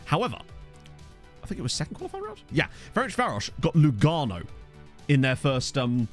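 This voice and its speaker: A man streaming a football management game, talking in a loose, self-mocking way and breaking into laughs. His pitch swings up and down a lot as he reads chat and weighs up players, and he is hiccuping. Faint music plays underneath him. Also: wildly swooping pitch, fairly quick. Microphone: desk USB microphone.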